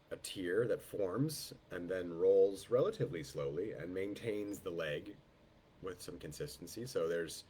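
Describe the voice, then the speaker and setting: Deep-voiced man with a head cold. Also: a little mellow, a little hiss or hum. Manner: unhurried, descriptive, greets guests by name. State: head cold, voice lowered in the throat. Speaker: wine tasting host. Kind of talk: live online wine tasting. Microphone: video call.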